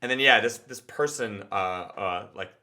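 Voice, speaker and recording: A man hosting a show, casually breaking down a comedy set in an animated way, with quick asides and acted-out reactions. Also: fairly low pitch. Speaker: show host reviewing standup. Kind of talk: casual analytical chat.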